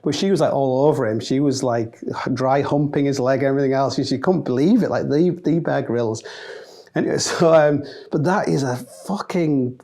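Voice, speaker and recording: A Northern English man telling a rambling, funny anecdote with plenty of swearing and quick impressions of the people in it. His voice is mellow and relaxed in tone and sits at an ordinary middle pitch for a man. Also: gravelly. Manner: animated, swearing, mimics voices in quotes. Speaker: storyteller. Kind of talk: comic anecdote monologue.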